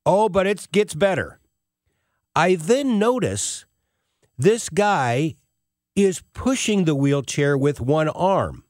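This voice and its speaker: A man's voice: on the high side, sing-song, slow pace, darkish tone, dry recording, clean studio sound. A middle-aged man hosting a show, telling a personal story in an emotional, tearful way. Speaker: host.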